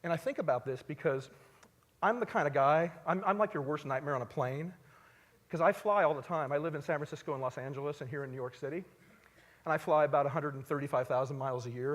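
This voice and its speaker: A man giving a live stage talk, telling stories conversationally and swinging between loud emphasis and quiet asides. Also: a little high. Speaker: speaker at a live talk event. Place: large hall, on stage before an audience. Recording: long hall reverb.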